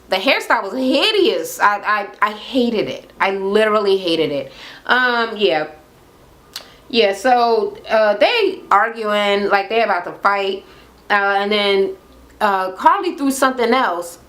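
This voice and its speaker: A woman hosting a profane, casual reality TV recap, acting out what the cast said with big jumps in her voice. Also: unhurried. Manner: animated, acts out quotes with pitch jumps and laughs.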